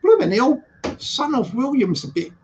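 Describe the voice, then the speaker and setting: A man chatting casually on a live stream from his flat, repeating phrases and laughing a lot as he greets viewers. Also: very high voice, moderate pace, dull audio, slight background noise. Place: flat with balcony door open.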